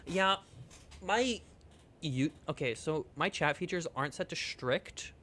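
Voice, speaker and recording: A man's voice: fairly high pitch, animated, a little slow, bright, forceful tone. Guy streaming a game, goofy and rambly, jokes and swears, faint noise behind. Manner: playful, rambling, jokey, swears. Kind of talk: casual game livestream chat.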